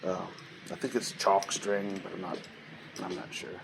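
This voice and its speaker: A man vlogging, telling a story in a casual, rambling way with many pauses and fillers and folksy, informal speech. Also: deep voice, level tone, vocal fry, heavy background noise.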